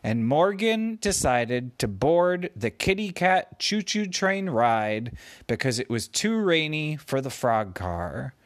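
Slow, playful storytelling man. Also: medium pitch, sing-song, no room sound. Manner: meandering, gently playful. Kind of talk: improvised bedtime story for a child.

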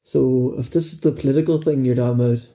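Mellow-voiced man chatting. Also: medium pitch, steady tone, fast talker. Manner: candid, swears freely. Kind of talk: casual film discussion.

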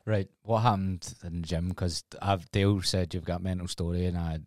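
A man's voice: sits low, fairly even intonation, a little fast, no echo, studio quality. A man as a guest on a casual podcast, talking in a laid-back, blunt way and swearing freely.

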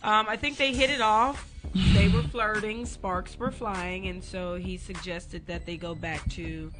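A woman co-hosting a casual talk show, telling a story in a measured way with filler ums. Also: medium pitch, steady tone, loud music behind the voice. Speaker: podcast co-host. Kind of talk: casual chat.

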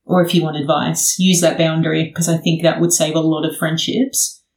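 A woman's voice: low voice, moderate pace. Frank, swearing woman host in a roomy space. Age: 30s. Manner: frank and expressive, swears freely. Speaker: podcast host. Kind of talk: casual chat.

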